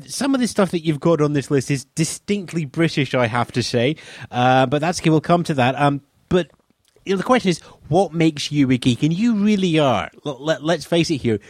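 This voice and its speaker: A man hosts a podcast with a theatrical, playful flair, pitched a little higher than most men. His voice sounds close and dry with no room echo. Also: a little mellow. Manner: playful, dramatic delivery. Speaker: podcast host. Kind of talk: theatrical scripted intro then casual chat.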